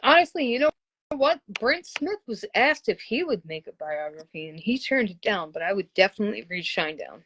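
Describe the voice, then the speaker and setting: A woman's voice: mid-range voice, expressive, brisk, fairly bright tone. A woman hosting a casual interview, talking like an eager fan who often exclaims. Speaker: interviewer, host.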